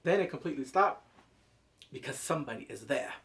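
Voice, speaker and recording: A man reviewing a TV episode in excited casual commentary, cursing freely, breaking into loud exclamations and quick character impressions. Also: mid-range voice. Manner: animated, profane, jumps into loud exclamations; mimics characters in quick asides.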